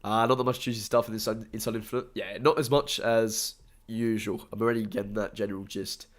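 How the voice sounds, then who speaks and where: A man's voice: lowish voice, steady tone, brisk. A young Australian man with a stuffy nose, rambling casually on a live stream and thanking his viewers. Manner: rambling, chatty, upbeat, thanks viewers often.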